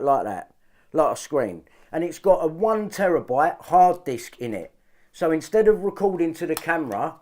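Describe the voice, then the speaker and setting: A man's voice: on the high side, darkish tone. A man ranting to his viewers, agitated and swearing often, repeating himself to drive points home. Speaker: vlogger. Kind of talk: ranting monologue to camera.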